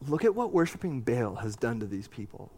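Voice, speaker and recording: Reading from scripture at a brisk pace, a pastor with a mid-range voice adds animated, chatty comments with a joking streak.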